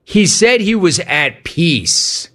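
A man hosting sports talk radio, reading listener messages in an animated, quick delivery. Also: on the high side.

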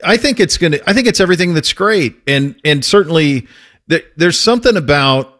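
A man's voice: on the high side, animated, fairly quick, a bit bright. A man hosting a sports radio show, chatting in an easygoing, teasing way with his guest. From Montana. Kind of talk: casual sports talk.

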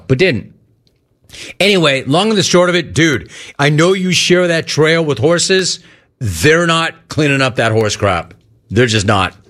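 Animated sports radio host, middle-aged man. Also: a little high. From Southern California. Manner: animated, playful ribbing of callers.

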